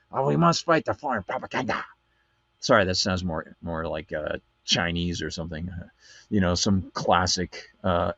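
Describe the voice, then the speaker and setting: A man's voice: medium pitch, no room sound, lo-fi sound. A man hosting a live political commentary show, reading documents aloud and breaking off with sarcastic asides. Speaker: show host.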